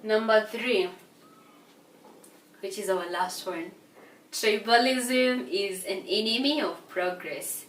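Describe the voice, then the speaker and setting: A tired woman from Kenya teaching an English revision lesson, speaking slowly and repeating words to stress their syllables. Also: mid-range voice. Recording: echoey room from a distance, faint hiss.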